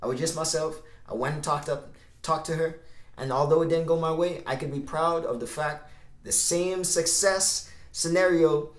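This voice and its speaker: A man's voice: fairly high pitch, steady tone, normal speed. A man talking casually to camera as a vlogger giving dating advice, telling stories and acting out both sides of conversations. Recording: roomy echo.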